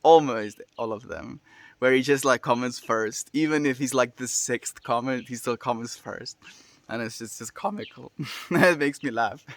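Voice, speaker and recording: A man hosting a daily livestream, reading chat comments aloud and answering them in a relaxed, friendly way with lots of fillers. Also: mid-range voice, normal speed, no echo. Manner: relaxed and friendly, many fillers, laughs often. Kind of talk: casual chat.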